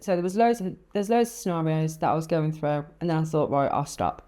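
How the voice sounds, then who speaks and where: A woman co-hosting a casual chat podcast, with a lowish, mellow voice. She tells stories animatedly, acting out what people said, and laughs often. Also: fairly quick. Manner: animated storyteller, acts out quotes, laughs often. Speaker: podcast co-host.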